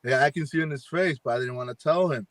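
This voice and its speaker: A fast-talking paranormal investigator with a medium-pitched, slightly bright voice rambles through a ghost story on a casual live video call. He performs the quoted dialogue and uses lots of fillers, with no echo on the recording.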